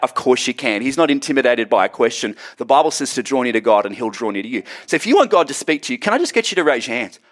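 A man in his thirties with an Australian accent, preaching to a church congregation as a guest pastor, joking and lively. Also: medium pitch. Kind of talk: sermon. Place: church auditorium.

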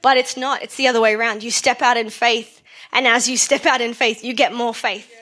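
A woman delivers a sermon in an easy, conversational tone, her voice sitting a little high. She asks the congregation questions and builds her points through repetition. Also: fairly even intonation, brisk, fairly bright tone. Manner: repeats phrases for emphasis. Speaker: preacher.

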